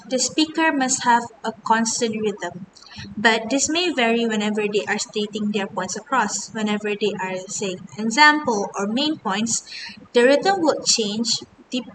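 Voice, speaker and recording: A young woman, earnestly reading out a class presentation as a student. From Malaysia. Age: 20s. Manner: earnest, scripted, mostly reading. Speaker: university student. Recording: distant mic with steady rumble.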